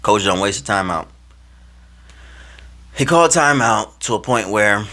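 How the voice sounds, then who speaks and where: A young man from Minnesota telling a personal story to camera in a casual, slangy, animated way, swinging between loud and hushed. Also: on the low side, measured pace, pauses often, slight background noise. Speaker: vlogger.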